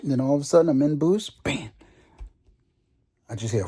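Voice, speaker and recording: A man's voice: fairly high pitch, moderate pace, long pauses, breathy edge. A young man vlogging about his car, telling a long story in a casual rant and acting out the conversations he quotes. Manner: animated, acts out quoted conversations.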